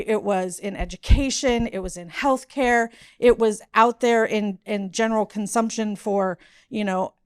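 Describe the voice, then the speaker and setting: A Southern US woman in her forties gives a chatty, self-deprecating conference talk about her career. Her voice is fairly high and clean in tone.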